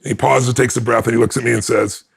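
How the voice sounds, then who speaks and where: An interview guest, male, delivers an animated personal story at a fast pace, acting out what people said with wide pitch movement. His voice is creaky and carries a breathy edge.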